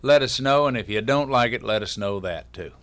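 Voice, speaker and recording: A man's voice: mid-range voice, lively intonation, brisk, a bit bright. A man, a guest on a talk show, chatting in a folksy, joking way. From Texas. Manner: folksy, wisecracking storyteller.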